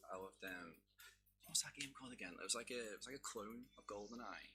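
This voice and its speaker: A young man with a Scouse accent, chatting loosely as a stream guest and rambling with plenty of fillers. His voice is low, very husky and raspy, yet bright. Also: fast talker. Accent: Liverpool (Scouse). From Liverpool, England. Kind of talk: casual chat.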